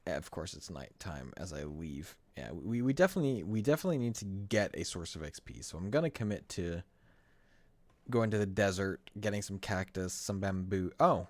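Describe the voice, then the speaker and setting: Low-voiced man rambling through gameplay. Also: lively intonation, moderate pace, no room sound. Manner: rambling, self-correcting, wry. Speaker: streamer. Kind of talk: casual gameplay commentary. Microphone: desk microphone.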